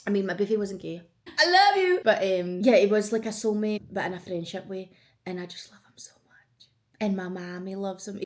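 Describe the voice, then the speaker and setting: A woman's voice: mid-range voice, darkish tone. Chatty, sweary Scottish woman. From Scotland. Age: 20s. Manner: chatty, sweary and openly emotional. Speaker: vlogger. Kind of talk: casual get-to-know-me chat.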